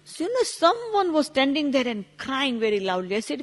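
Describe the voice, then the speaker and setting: A woman's fairly high voice rings through a hall with a long reverb. She is a spiritual teacher recounting a personal story, acting out the dialogue in lively, non-native English. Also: fairly quick. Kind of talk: spiritual talk with anecdote.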